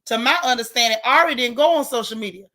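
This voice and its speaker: A woman's voice: a little high, quick pace. A woman hosting a casual live stream, reading viewer comments and speaking out in an emphatic, outspoken way. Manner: animated, outspoken, emphatic repetition.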